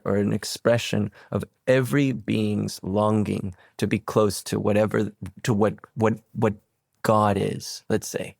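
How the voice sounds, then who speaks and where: A man in his forties from Venezuela, a podcast guest telling a reflective story in a rambling way, full of restarts and stammered repeats, jumping into animated quoted voices. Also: gravelly, dry recording, clean studio sound. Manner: slips into animated quoted voices and sudden high pitch leaps.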